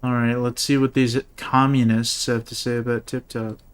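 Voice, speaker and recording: Guy streaming a game, reads choices out loud, pretty flat even voice, mid pitch. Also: moderate pace, clean tone. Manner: reads dialogue choices aloud, dry and casual. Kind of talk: casual gameplay commentary.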